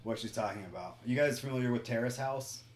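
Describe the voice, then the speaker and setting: A man's voice: medium pitch, fast talker, reverberant. A man hosting a casual podcast chat, reading listener questions in a wry, exasperated way. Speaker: podcast host.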